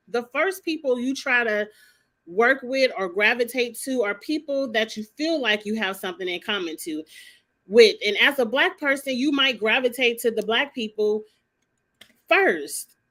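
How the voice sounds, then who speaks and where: A woman's voice: fairly high pitch, fairly bright tone. Sassy, blunt woman ranting. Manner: blunt, sassy, swears freely. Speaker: vlogger commenting on a reality show. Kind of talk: casual opinionated commentary.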